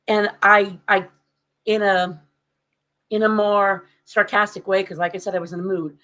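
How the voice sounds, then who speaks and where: A woman co-hosting a podcast, telling a story in an animated, sarcastic way. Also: medium pitch, moderate pace, poor audio. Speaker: podcast co-host. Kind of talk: casual podcast chat.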